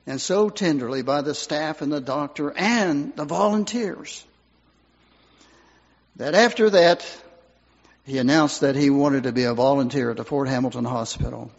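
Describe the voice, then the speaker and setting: An older man, a pastor, delivering an earnest funeral sermon, his voice swelling and dropping for emphasis. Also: medium pitch. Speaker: pastor giving a eulogy. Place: church sanctuary. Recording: muffled hall recording with long reverb.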